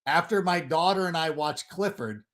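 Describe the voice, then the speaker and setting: A middle-aged man, a guest on a livestream, ranting in an animated, sarcastic way and throwing in loud mock quotes. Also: on the high side, normal speed. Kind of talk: casual chat on a livestream.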